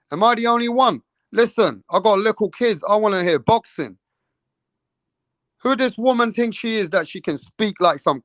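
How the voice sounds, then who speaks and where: A man's voice: sits high, fairly bright tone, no room sound. A man, a boxing channel host, ranting indignantly in heated casual commentary with heavy swearing.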